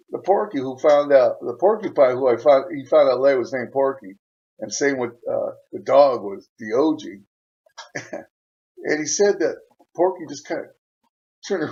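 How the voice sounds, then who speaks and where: A man hosting his channel, retelling a viewer's letter in a rambling way, chuckling often and filling pauses with "uh.". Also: medium pitch, gravelly, darkish tone, dull audio. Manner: rambling, chuckling, frequent fillers. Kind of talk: casual storytelling.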